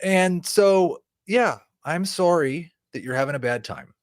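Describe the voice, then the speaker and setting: A man's voice: on the high side, lively intonation, unhurried, dry recording, clean studio sound. A man speaking as a fantasy sports analyst in casual panel chat, blunt and matter-of-fact.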